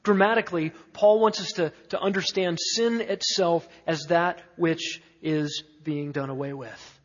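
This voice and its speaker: A man's voice: fairly high pitch, fairly even intonation, a little slow. A man preaching an expository sermon, emphatic, stacking lists of words with rising force. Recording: dull, echoey hall sound.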